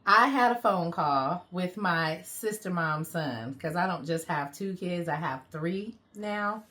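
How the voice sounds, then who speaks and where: A woman's voice: fairly low pitch, expressive, slow, sharp tone. A woman co-hosting a parenting vlog, telling a story in a playful, casual way. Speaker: vlog co-host. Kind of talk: casual chat.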